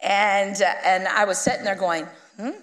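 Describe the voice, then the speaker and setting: A woman guest minister telling a story in a sermon, lively and conversational, acting out the people she quotes. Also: mid-range voice, moderate pace, big-room sound. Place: church sanctuary.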